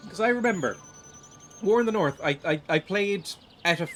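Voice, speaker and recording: A man's voice: high-pitched, lively intonation, moderate pace, a bit bright. A young man giving rambling, self-deprecating gameplay commentary, stumbling and repeating words as he plays at home. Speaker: streamer. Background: game music.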